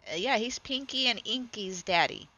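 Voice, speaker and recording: A woman's voice: medium pitch, animated, normal speed, bright, forceful tone, low-quality recording. A woman who breeds goats, chatting casually and affectionately as she comments on her own farm videos. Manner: chatty, affectionate toward the animals.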